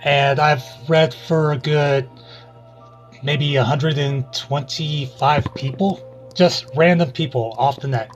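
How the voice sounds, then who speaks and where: A man with a fairly high voice chats casually as a live-stream co-host and tells stories with lively acted-out quotes. Soft music plays behind him throughout. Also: slow pace, muffled recording. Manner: animated storyteller acting out quotes. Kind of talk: casual chat.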